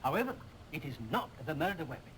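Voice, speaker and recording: A rambling old chemist in a video game cutscene, excitable and forever mixing up names. His voice sits high and swoops about a lot. A faint hiss runs under the old game audio. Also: quick pace, low-quality recording. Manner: scatterbrained, mixes up names, excitable. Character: rambling absent-minded old male police chemist.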